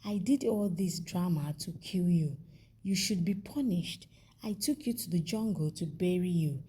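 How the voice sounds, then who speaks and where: A bitter, vengeful young husband turns on his wife, as a woman narrator reads his lines. The voice is slow, low and mellow with a husky grain, more reading than acting. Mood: cold, hateful.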